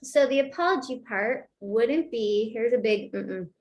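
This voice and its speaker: A somewhat high-pitched woman teaches a webinar on couple communication in a chatty, upbeat way. She laughs often and acts out short example lines in other tones. Her delivery is informal. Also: measured pace, a little mellow, a little hiss or hum. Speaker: marriage and family therapist.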